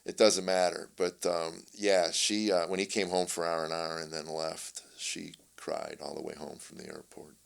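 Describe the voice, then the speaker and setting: A man's voice: low-pitched, moderate pace, creaky, few pauses, clear, resonant tone. An older man, a comedian guest in an interview, telling family stories and acting out the dialogue. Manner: animated storyteller, acts out family dialogue. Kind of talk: casual storytelling interview.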